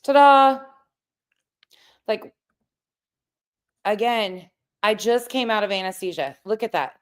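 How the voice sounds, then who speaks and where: A woman's voice: mid-range voice, normal speed. A woman hosting a casual livestream, talking bluntly with plenty of swearing. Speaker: streamer host.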